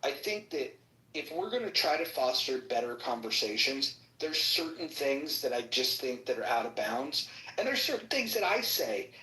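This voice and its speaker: Man, rambling casual chat, very bright voice, roomy echo. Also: mid-range voice, big pitch swings, normal speed. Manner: rambling with many restarts and fillers. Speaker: room moderator.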